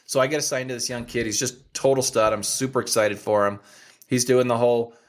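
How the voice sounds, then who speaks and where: A man's voice: medium pitch, a little fast. An American man in his forties, a hunting guide, telling a story in casual conversation and acting out the voices of the people in it. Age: 40s. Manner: animated storyteller, acts out quoted voices. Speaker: hunting guide and outfitter, podcast guest.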